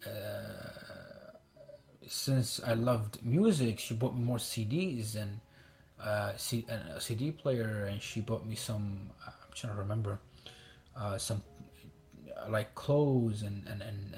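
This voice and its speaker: A man's voice: fairly low pitch, darkish tone. Male guest from Iraq, casual storyteller who stumbles and restarts, acts out quoted voices. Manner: halting, many restarts and fillers.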